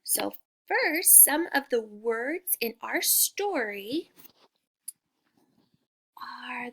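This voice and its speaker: A woman teacher giving a slow phonics lesson for young children, sounding out letters with exaggerated care and praising the listener. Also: a little high, animated, a bit bright.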